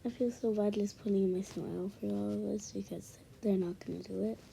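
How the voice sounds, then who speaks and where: A woman chatting casually over gameplay on her own microphone, rambling and dropping into soft asides, with a high, pitchy voice. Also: fairly even intonation, brisk, creaky. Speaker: gaming channel host. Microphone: own desk microphone. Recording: noisy home recording with hiss and clicks.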